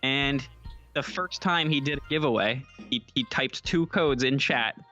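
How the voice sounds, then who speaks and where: A man co-hosting a casual podcast, chatty and quick, with lots of fillers and asides. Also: medium pitch, bright, forceful tone, highs cut off, soft background music. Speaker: podcast co-host. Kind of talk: casual chat.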